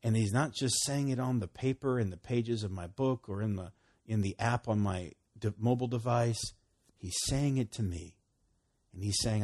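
A husky man delivers a sermon in a relaxed, talk-to-you way. His voice rises loud and bright on the emphatic lines, then sinks low and quiet for the tender ones. He laughs often as he goes. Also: normal speed. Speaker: preacher.

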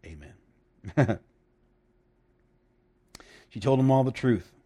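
A man preaching a sermon, animated and emphatic, with laughing asides and dramatic emphasis. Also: medium pitch, slow.

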